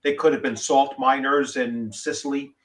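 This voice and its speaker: A man's voice: medium pitch, steady tone, moderate pace, a loud crowd. A man co-hosting a casual podcast chat, talking in a meandering way full of fillers. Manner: meandering, with many "uh" and "you know" fillers.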